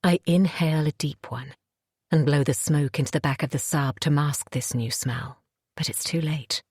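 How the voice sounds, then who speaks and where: With a steady tone and moderate pace, a woman narrates an audiobook in first person from a script. Her low, husky voice is slightly mellow, recorded at studio quality with no room sound.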